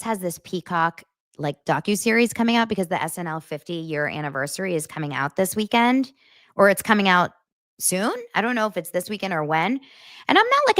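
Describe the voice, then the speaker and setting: A woman's voice: on the low side, no room sound, studio quality. A woman hosting a casual gossip podcast, reading viewer comments and laughing and gushing over them.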